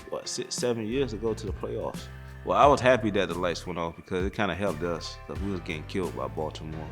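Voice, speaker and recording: A middle-aged man talking in a laid-back, plain-spoken way in a casual interview. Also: low-pitched. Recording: faint music underneath.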